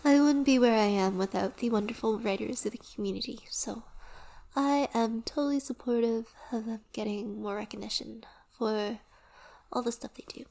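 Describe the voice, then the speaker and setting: A woman rambling casually in a relaxed, sleepy way while lying down, her voice soft and often dropping to a whisper. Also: a little high, moderate pace. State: drowsy, lying down. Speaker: audio performer and creator.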